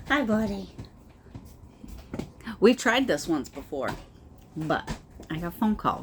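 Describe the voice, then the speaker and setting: A woman's voice: low voice, background noise. A woman vlogging casually about her knitting, laughing often and talking sweetly to her dog. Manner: playful, laughing, baby-talk to her dog. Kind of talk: casual chat to camera.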